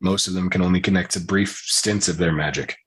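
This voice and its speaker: A man's voice: sits low, fairly even intonation, fairly quick, fairly bright tone, breathy edge. A man running a tabletop game, explaining the rules casually and swearing now and then. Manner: casual, swears freely, laughs between points. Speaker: game master.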